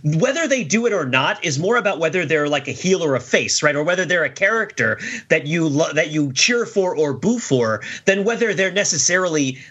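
A man's voice: a little high, expressive, brisk, few pauses, bright, forceful tone, slightly rough, lo-fi sound. A man on a podcast panel, talking emphatically and tagging his points with "right?", who says he is losing his voice. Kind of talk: casual podcast discussion.

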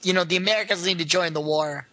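High bright-voiced curious man. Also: fairly even intonation, quick pace, dry recording, poor audio. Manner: curious, asks questions, uses "like" often. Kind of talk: casual discussion.

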